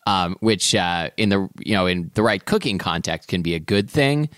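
A man with a very low voice co-hosts a relaxed food chat, explaining things haltingly with plenty of fillers. His pitch moves a lot as he talks, and the sound is dry and close. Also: no room sound. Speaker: podcast co-host. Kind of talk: casual chat.

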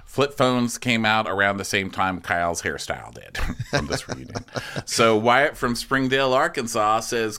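A man's voice: medium pitch, lively intonation, measured pace, vocal fry, sharp tone. A man hosting a podcast, rambling through a comedic recap and laughing often. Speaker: podcast host.

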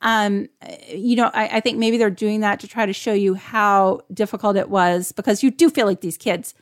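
A woman's voice: medium pitch, fairly even intonation, moderate pace. A woman co-hosting a casual discussion, reflective and chatty, leaning on lots of filler words. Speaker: podcast co-host.

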